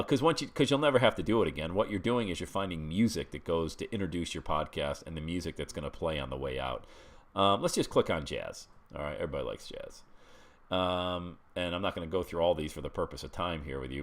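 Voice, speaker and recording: Middle-aged guy, very low voice, chatty webinar walkthrough, keeps saying okay?. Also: lively intonation, fast. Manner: chatty, walks listeners through steps with frequent "okay?". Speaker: webinar instructor. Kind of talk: screen-share tutorial.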